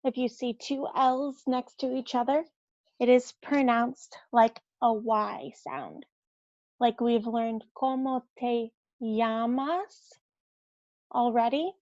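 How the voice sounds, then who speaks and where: Slow, patient woman teaching Spanish sounds. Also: fairly high pitch, darkish tone, no room sound. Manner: repeats each word slowly and clearly. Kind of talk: slow alphabet pronunciation lesson. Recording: dull lo-fi dry audio.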